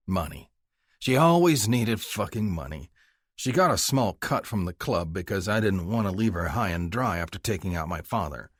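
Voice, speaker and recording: Husky gruff male audiobook narrator. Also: deep voice, dry recording, studio quality. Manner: blunt, gruff, swearing first-person delivery. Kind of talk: first-person romance audiobook narration.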